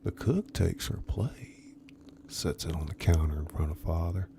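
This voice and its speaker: A man reading a story aloud in a soft, unvoiced whisper, as whispered role-play. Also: sits low, a little slow, creaky, background noise. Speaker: narrator, reader.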